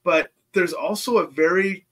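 A man's voice: high-pitched, fairly even intonation, a little slow, bright, forceful tone. A middle-aged man, a guest on a chat show, talking in an outgoing way and laughing often, recorded on a remote call from home. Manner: outgoing, laughs often, talks about himself readily. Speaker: guest psychic medium. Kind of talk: casual chat. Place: home in Nebraska.

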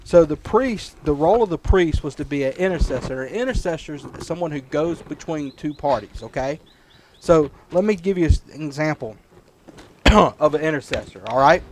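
A man's voice: a little high, animated, normal speed, a little hiss or hum, poor audio. A man, a preacher, teaching a children's Sunday school Bible lesson, checking in with the kids often. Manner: patient, checks in often with "right?" and "okay?".

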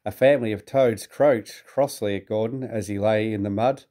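Mellow British man reading a storybook. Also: fairly low pitch, normal speed, hardly any pauses. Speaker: narrator.

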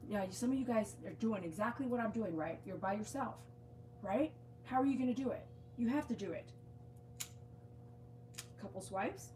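A woman dog groomer chats through a live grooming stream, her voice sitting fairly high. She talks in a coaxing, reassuring way. She is outdoors, with a faint hiss of noise behind her. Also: animated, measured pace, long pauses, a little mellow.

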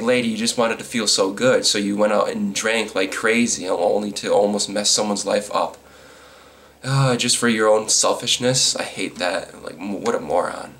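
A man giving casual, rambling commentary on news stories, irritated and quick to chuckle. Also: on the low side, vocal fry, fairly bright tone.

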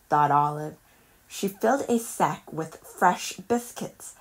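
A woman reading a children's picture book aloud in a calm, measured storytelling voice. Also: sits low, noisy background. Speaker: storybook reader.

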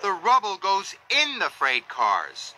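A chirpy little tank engine from a storybook, voiced by a man in a high, bright, exclamatory voice. Music plays under it. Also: huge pitch swings, slow pace, full character voice, low-quality recording. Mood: excited. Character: cheerful small male tank engine.

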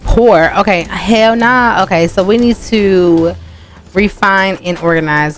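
A woman's voice: medium pitch, takes it slowly, faint music behind. Chatty, cussing woman gaming host. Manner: chatty, profane, talks to viewers as "y'all". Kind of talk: casual gameplay commentary.

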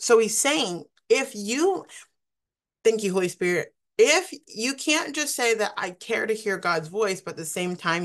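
A woman minister giving a prophetic word in a slow, solemn proclamation, then explaining scripture in a loose, chatty way with frequent restarts. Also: mid-range voice, fairly bright tone. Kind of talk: prophetic word and Bible teaching.

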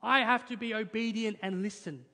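High-voiced young pastor preaching. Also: male voice, steady tone, normal speed, sharp tone. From Australia. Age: young adult. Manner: earnest and emphatic, often adds "right?". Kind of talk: sermon. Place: church hall, in front of a congregation. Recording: reverberant church hall.

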